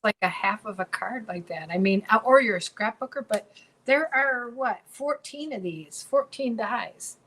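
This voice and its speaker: A woman's voice: a little high, a little slow, a bit bright, rough recording. A woman co-hosting a casual craft tutorial, bubbly and chatty, often repeating her words as she works. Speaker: craft demonstrator and co-host.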